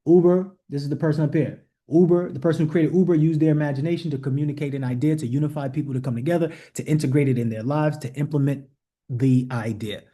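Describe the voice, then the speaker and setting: This man's voice is a little high yet dark, steady in tone and fast. Leading an online leadership call, he teaches the group motivationally, bluntly and emphatically, repeating rhetorical questions and giving direct orders.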